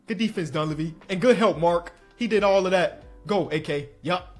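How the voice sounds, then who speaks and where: Excitable gamer man, higher voice. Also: a little fast, hardly any pauses, faint music behind. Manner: excitable, jumps between hyped shouts and low muttering. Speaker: gaming streamer. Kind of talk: live commentary over a basketball video game.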